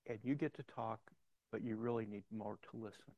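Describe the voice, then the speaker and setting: A man's voice: lowish voice, fairly quick, creaky, no echo, muffled recording. An older man preaching a sermon in a conversational storytelling way, mixing personal anecdotes with scripture references.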